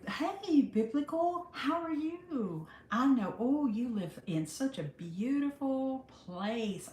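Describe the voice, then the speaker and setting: A woman's voice: medium pitch, a little mellow, a little hiss or hum. Chatty woman in her sixties. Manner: chatty, affectionate, calls viewers honey. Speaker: livestream host. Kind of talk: casual live chat greeting viewers. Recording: roomy echo.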